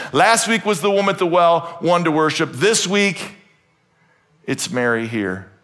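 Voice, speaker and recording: A man preaching a sermon to a congregation, jokey and animated, swinging from loud emphatic bursts to soft asides. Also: a little high. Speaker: pastor. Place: church hall with congregation.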